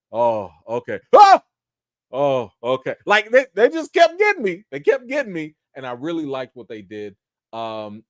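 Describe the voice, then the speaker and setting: A man of Haitian background hosting a casual livestream review, talking to viewers in a playful, animated way. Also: sits high, no room sound, clean studio sound. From Haitian family. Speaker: host.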